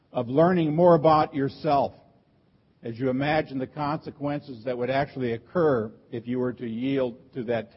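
Male pastor, husky, slightly high voice, emphatic sermon delivery, dull lo-fi recording. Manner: earnest, emphatic preaching with repeated rhetorical questions.

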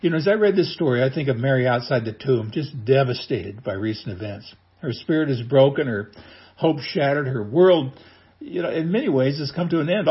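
A man's voice: medium pitch, husky, lo-fi sound. A man preaching an earnest pastoral sermon, speaking directly to listeners as friends. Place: recorded at home for online streaming.

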